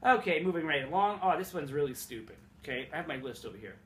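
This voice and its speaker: A man's voice: fairly high pitch, expressive, quick pace, fairly bright tone, roomy sound, a little hiss or hum. A young man from Montreal, rambling and swearing as he tells funny childhood stories in a casual vlog. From Montreal, Canada. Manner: rambling, profane, self-mocking. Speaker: vlogger. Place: room in his apartment.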